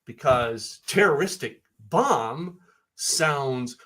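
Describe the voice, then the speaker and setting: A man's voice: medium pitch, animated, very slow, fairly bright tone. A man co-hosting a business podcast, chatting casually, emphatic and prone to repeating words. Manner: emphatic, repeats words, asks pointed questions. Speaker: podcast co-host. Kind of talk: casual chat.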